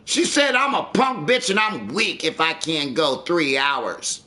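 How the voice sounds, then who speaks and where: A man's voice: fairly high pitch, lively intonation, unhurried, sharp tone. A man streaming live, chatting casually and ranting with lots of swearing. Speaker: livestreamer. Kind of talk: casual livestream chat.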